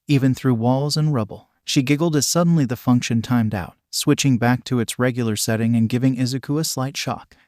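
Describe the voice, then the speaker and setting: A man with a mid-pitched voice narrates a piece of fan fiction in an even, steady way. He barely shifts his voice between characters, and the recording is close and dry with no room sound. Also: no echo. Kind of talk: reading fan fiction aloud.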